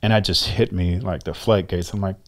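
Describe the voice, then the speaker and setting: A man's voice: deep voice, steady tone, fairly quick. A middle-aged man, a former bodybuilder, speaking as an interview guest and telling candid stories with emphatic, acted-out dialogue and blunt swearing.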